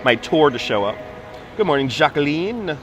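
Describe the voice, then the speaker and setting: Phone in hand in a city park, a man plays tour guide on a livestream, chatty and playful and drifting into fake accents. His slightly high, somewhat bright voice is very animated at a normal speed, with slight background noise.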